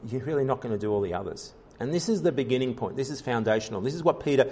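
A man's voice: medium pitch, animated, very fast, darkish tone, slightly rough. A man preaching a sermon as pastor, in an earnest style with frequent fillers, restarts and rising emphasis.

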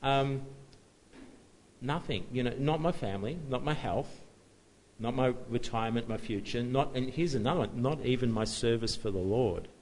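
A male preacher delivers a sermon in an easygoing, conversational manner. He talks to his listeners like friends, with honest restarts and a light chuckle now and then. His voice sits at an ordinary middle pitch, over a faint background hiss. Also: normal speed, darkish tone, low-quality recording. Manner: conversational, self-deprecating, with frequent restarts and chuckles.

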